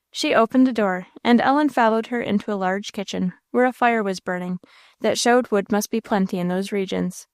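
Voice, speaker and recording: Female audiobook narrator, steady storybook reading, middle pitch, dry close mic. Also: normal speed, no room sound. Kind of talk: scripted narration.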